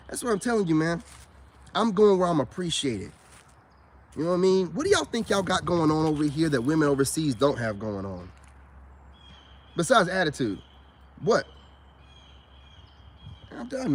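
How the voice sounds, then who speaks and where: A man's voice: fairly high pitch, slightly rough. Combative ranting man vlogger. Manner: combative, repetitive, punctuated by "you know what I'm saying". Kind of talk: ranting vlog monologue.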